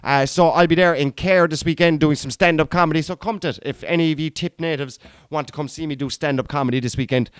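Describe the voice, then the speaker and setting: A man talking through a casual podcast monologue in a fairly high, smooth, resonant voice. He is blunt and opinionated, swears without a second thought, and rambles with restarts. The sound is dry and close. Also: steady tone, fast talker, dry recording. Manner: rambling, with frequent fillers and restarts. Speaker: podcast host.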